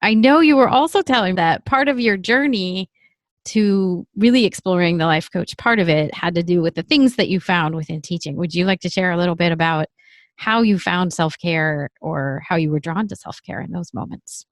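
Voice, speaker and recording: A woman host leads a casual podcast chat, encouraging her guest with open questions. Her voice sits fairly low, and the sound is dry and close with no room echo. She keeps the talk warm and inviting. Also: normal speed.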